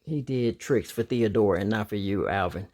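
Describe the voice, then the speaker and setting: A man's voice: fairly low pitch, moderate pace, a little mellow, voice pushed down. A man reading a storybook aloud, voicing a clever, sensible boy chipmunk who explains things in a matter-of-fact way. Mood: explaining.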